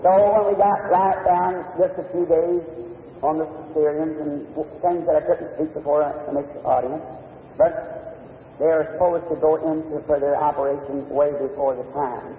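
A man's voice: fairly high pitch, steady tone, moderate pace, a little hiss or hum. A man preaching a sermon to a meeting, telling a personal story in a folksy, plain-spoken way. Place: large meeting hall with an audience. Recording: old lo-fi tape from far off in an echoey hall.

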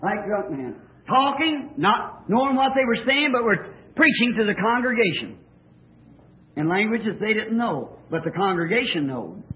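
A man delivers a revival sermon in a very high, strained voice that climbs to fervent peaks and then drops low. He reads scripture and breaks off into folksy, plain-spoken asides. The recording is thin and tinny, like an old tape played over a phone. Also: animated, moderate pace. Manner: colloquial grammar, folksy asides. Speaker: preacher.

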